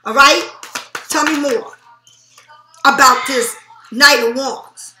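A woman's voice: sits high, takes it slowly, pushed and bright, echoey room. A woman reading tarot cards in a blunt, profane, emphatic way. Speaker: tarot reader.

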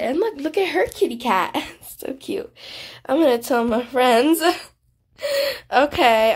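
A female YouTuber giving casual gameplay commentary, excitable and giggly, gasping and chatting straight to her viewers. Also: fairly high pitch, slightly rough. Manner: excitable and giggly, gasps and squeals; chatty, speaks directly to viewers. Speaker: gaming YouTuber.

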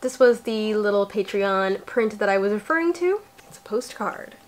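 A woman's voice: mid-range voice, lively intonation, normal speed, slight background noise. A young woman chatting casually to her viewers as she unpacks a parcel, bubbly and talkative. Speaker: vlogger. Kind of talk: casual unboxing vlog.

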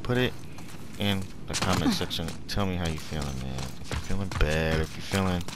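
Excitable gamer man from Pennsylvania. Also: low-pitched, fairly quick, heavy background noise. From Pennsylvania, USA. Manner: chatty, yells and pleads when scared. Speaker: gamer playing on camera. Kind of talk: live gameplay commentary. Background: game music.

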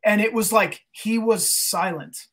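A man's voice: sits high, unhurried, a bit bright. Guy being interviewed, earnest and emotional, keeps restarting what he's saying. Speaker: guest, band singer. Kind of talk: casual interview chat.

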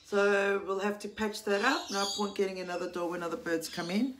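A woman's voice: mid-range voice, a little fast. A woman, talking casually to her phone camera at home, blunt and chatty, scolding her viewers. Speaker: vlogger. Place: home with a bird deck, indoors. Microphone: handheld phone camera. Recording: noisy home with squawking birds.

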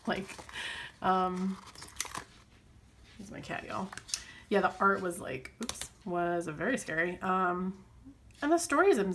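A woman's voice: on the low side, slow pace, pauses often, a bit bright, a little hiss or hum. A woman chatting casually and rambling while she works on her planner, full of fillers and self-deprecating asides. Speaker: planner vlogger.

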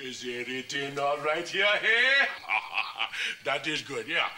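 A swaggering boat-boasting creep. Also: male voice, medium pitch, sing-song, takes it slowly, pushed and bright, heavily acted. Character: leering adult man boasting of his boat. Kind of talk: 1980s full-motion video game acting.

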